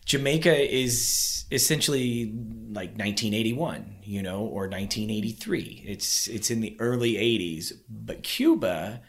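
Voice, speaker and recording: A man's voice: fairly low pitch, lively intonation, a little slow, hardly any pauses. A man from Kentucky hosting a casual interview chat, rambling and chatty, laughing often. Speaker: host.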